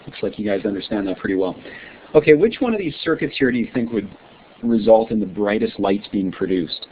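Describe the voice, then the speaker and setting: A man's voice: on the low side, lively intonation, fairly quick. Friendly male teacher on a tinny line. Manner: friendly, quizzing students, checking with "right?". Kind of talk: online science lesson. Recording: tinny lo-fi line with faint hiss.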